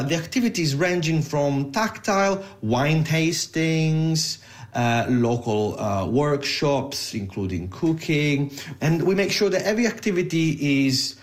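A man on a radio talk show explaining his travel service in a measured way, pausing often. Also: mid-range voice. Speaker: accessible travel service founder. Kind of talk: radio interview.

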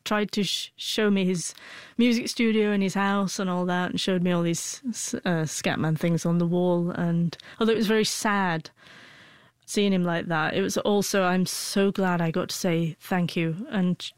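A woman's voice: lowish voice, steady tone, moderate pace, clear, resonant tone, dry recording. A woman in her forties, an interview guest who stutters, with frequent broken-off sounds and restarts as she tells a personal story.

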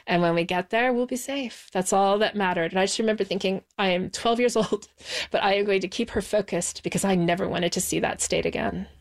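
A woman from the United States speaks as an interview guest, recalling her childhood. Her voice sits at an ordinary middle pitch, and she talks in a measured, reflective way. She slows down to let the weightiest words land. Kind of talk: personal recollection in an interview.

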